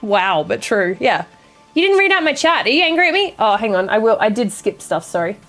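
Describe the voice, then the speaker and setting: A young woman streamer chats casually with her viewers and reads the chat aloud, bringing dry, sarcastic humor and sassy banter. Her mid-range voice is very animated and a bit bright, at a normal speed, with faint music behind her.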